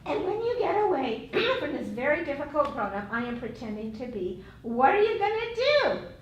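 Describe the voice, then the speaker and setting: A woman leads a safety workshop, directing a group with upbeat encouragement. Her voice is high and very lively. She is recorded from a distance in an echoey room with a faint hiss. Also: moderate pace, lo-fi sound. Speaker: safety instructor. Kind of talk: interactive workshop teaching.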